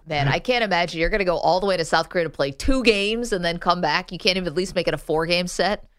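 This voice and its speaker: A woman hosts sports radio with easy laughter and teasing banter. Her voice sits a little low. The sound is dry and close. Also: fast talker, a bit bright, clear, resonant tone, dry recording. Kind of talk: casual sports talk.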